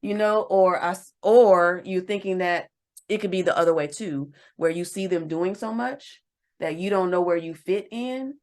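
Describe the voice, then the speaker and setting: A woman co-hosting a relationship podcast in casual chat, acting out quoted lines in a higher voice. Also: moderate pace. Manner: animated, acts out quotes in a higher voice. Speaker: podcast co-host.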